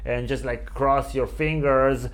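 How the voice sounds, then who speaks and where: A man hosting a casual chat, talkative and enthusiastic, full of geeky excitement. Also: medium pitch, slow, smooth. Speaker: host.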